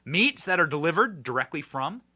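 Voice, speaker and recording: A man hosting a political commentary show, talking emphatically and swinging between loud outbursts and hushed asides. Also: on the high side, big pitch swings, normal speed.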